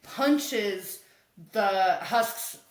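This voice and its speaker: A woman's voice: medium pitch, extremely slow. A woman co-hosting a podcast, casually and animatedly recapping a comic and acting out the characters' lines. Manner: animated storytelling, acts out characters' lines, laughs often. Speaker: podcast co-host. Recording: echoey room.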